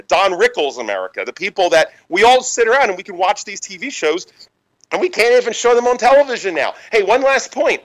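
Radio guy in his 30s, high voice jumping all over, rambles and restarts a lot. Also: low-quality recording. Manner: rambling, animated, frequent restarts. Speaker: radio host. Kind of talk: political talk on radio, casual storytelling.

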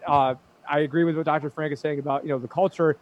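A man speaking as a guest in casual chat, halting and repeating his words. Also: on the high side, steady tone, dull audio. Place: busy event floor.

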